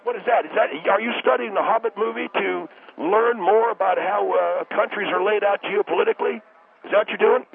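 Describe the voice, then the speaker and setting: A man's voice: sits high, a little fast, creaky, over a noisy crowd, voice pushed up. A man voicing an indignant male caller who wants his state to secede, talking over the others. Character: blustering male caller, Texas secessionist. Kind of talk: radio call-in comedy bit. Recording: phone line.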